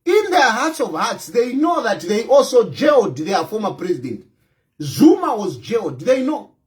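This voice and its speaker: A man's voice: high voice, very animated, normal speed. A Zambian man with a Zambian accent, an opposition party leader giving impassioned political commentary, emphatic and scolding, repeating his points.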